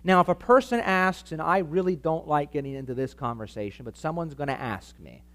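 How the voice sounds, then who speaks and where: A man's voice: fairly high pitch, lively intonation, a little fast, a bit bright. A man preaching to a live church audience in an emphatic teaching style, asking the listeners for amens. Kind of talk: sermon-style teaching talk.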